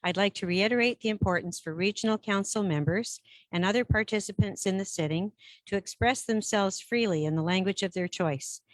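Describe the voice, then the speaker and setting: A woman chairing a regional council meeting in a brisk, procedural way, switching between English and French. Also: medium pitch, no room sound. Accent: Canadian French-English bilingual.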